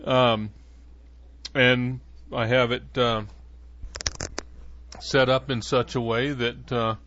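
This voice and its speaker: A man's voice: medium pitch, little pitch movement, slow, a bit bright, a little hiss or hum. A man hosting a podcast in a casual monologue, rambling along with many fillers and restarts. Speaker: podcast host. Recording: dull lo-fi dry sound.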